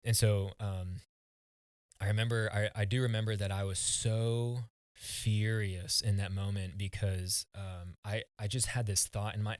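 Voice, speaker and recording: Man, low voice, dry close sound, earnest halting storytelling, podcast guest. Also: darkish tone, no echo. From United States. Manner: earnest, halting, often restarting words. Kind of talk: personal storytelling in conversation.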